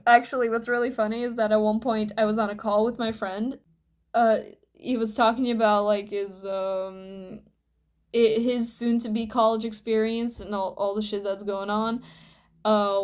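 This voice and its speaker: A woman talking casually to her camera at home, chatty and rambling, swearing freely as she shows off her books. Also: a little high. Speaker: vlogger. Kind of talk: casual show-and-tell vlog.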